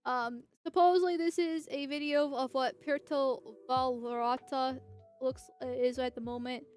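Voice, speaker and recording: A woman's voice: sits high, fairly even intonation, moderate pace, a little mellow, clear, resonant tone, soft background music. A young woman from the United States talking casually on a livestream, rambling and chatty with lots of restarts and laughs. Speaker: political streamer.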